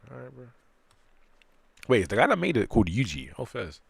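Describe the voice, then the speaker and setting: A man reading a manga aloud on a stream, joking and chatting between panels with animated bursts. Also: mid-range voice, fairly quick, creaky, slightly rough, no echo. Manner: animated, jokey, breaks into loud excited bursts.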